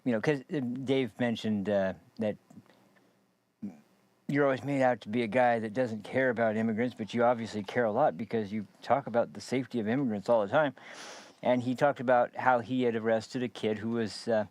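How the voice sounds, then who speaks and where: A man's voice: mid-range voice, fairly even intonation, fairly quick, darkish tone, dry recording. A man hosting a political commentary show, rambling and sarcastic with many fillers and restarts. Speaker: podcast host.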